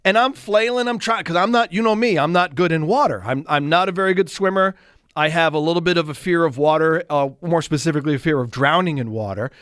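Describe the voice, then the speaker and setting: A man in his sixties, a radio co-host, telling a self-mocking story in casual, animated chat. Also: fairly high pitch, fast, no room sound, clean studio sound.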